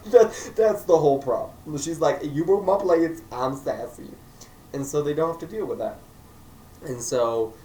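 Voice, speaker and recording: A man's voice: medium pitch, mellow. Joking man reviewing a movie, echoey room. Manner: joking, acts out characters in silly voices. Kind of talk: casual vlog review. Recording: echoey room, mic at a distance, faint noise.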